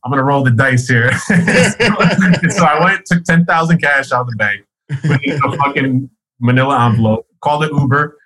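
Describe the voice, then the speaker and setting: Husky, forceful-sounding man, rambling and profane, laughs a lot while telling a story. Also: mid-range voice, normal speed, low-quality recording. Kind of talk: casual storytelling.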